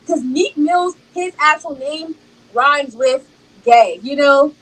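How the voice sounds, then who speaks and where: A woman's voice: high-pitched, slow pace, rough recording. A young woman telling a casual storytime, rambling and repeating herself as she acts out what people said. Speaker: storyteller in a clip.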